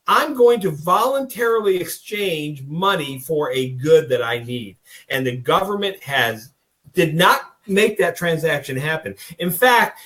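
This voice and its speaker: A man's voice: sits high, fairly bright tone. Folksy, emphatic male podcast host. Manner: folksy, rambling, emphatic, with mock dialogue. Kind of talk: casual political talk. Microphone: video call.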